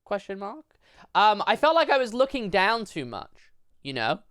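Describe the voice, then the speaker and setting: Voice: medium pitch, sing-song, normal speed, a bit bright, no echo, studio quality. A livestreamer chatting casually at a home desk, rambling with lots of fillers and casual swearing. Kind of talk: casual live-stream chat.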